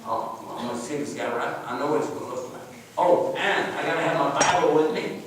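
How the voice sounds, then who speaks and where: A man's voice: fairly high pitch, brisk, noisy background. A man telling a story to an audience, folksy and joking, speaking as a preacher. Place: lecture hall. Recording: very echoey hall from far off.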